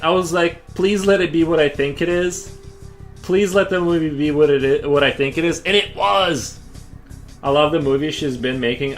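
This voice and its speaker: A man's voice: a little high, a bit bright. A man chatting casually while drawing on a stream, rambling with lots of fillers and restarts.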